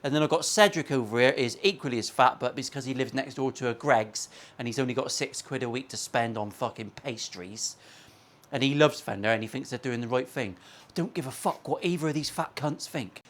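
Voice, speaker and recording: A man's voice: medium pitch, a little fast, a bit bright. A man, a guitar maker and channel host, ranting bluntly and profanely in a casual opinion vlog from his workshop.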